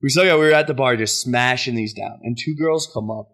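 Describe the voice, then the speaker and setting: A man's voice: mid-range voice, a little fast, fairly bright tone. Laid-back young man telling a story. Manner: storytelling, laughing at himself. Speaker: podcast host. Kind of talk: casual chat.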